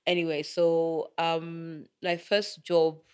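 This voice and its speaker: A woman's voice: low-pitched, little pitch movement, slow, a little mellow, smooth. Chatty middle-aged Kenyan woman. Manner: chatty, laughs often, acts out quoted dialogue. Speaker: guest. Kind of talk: casual interview storytelling.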